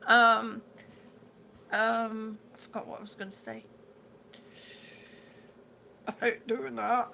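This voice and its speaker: A woman's voice: fairly high pitch, level tone, slow, gravelly, pauses often, sharp tone, slight background noise. A middle-aged woman hosting a live stream, chatting casually with viewers, repeating herself and stumbling over words with good humor. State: ringing in the ears, yawning, hungry. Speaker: livestream host reading viewer comments.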